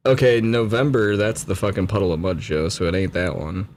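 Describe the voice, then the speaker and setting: Lowish-voiced joking radio co-host man. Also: steady tone, fairly quick, darkish tone, slight background noise. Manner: teasing, laughing, cursing. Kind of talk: casual talk radio chat.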